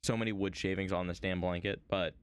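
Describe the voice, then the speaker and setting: A man's voice: sits low, fairly even intonation, quick pace, smooth, no echo. A man streaming himself woodcarving at home, chatting to viewers in a rambling, playful way. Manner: rambling, playful, talks to chat. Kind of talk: casual chat while woodcarving.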